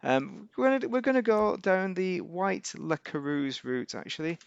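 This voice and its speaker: A man's voice: sits high, expressive, normal speed, creaky, clear, resonant tone, muffled recording. A man giving casual, rambling gameplay commentary as a YouTuber, correcting himself and making wry asides. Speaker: gaming YouTuber.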